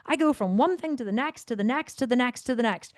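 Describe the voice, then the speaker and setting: Woman fitness coach, rather high voice, dry close sound, blunt and emphatic, swears freely. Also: lively intonation, quick pace, dry recording. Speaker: fitness coach and podcast host. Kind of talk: solo Q&A podcast talk.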